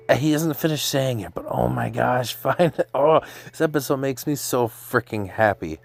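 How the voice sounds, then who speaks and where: A man casually recapping an anime episode, chatty and excited, slipping into quick voices for the characters. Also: mid-range voice, creaky, soft background music. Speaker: anime reviewer.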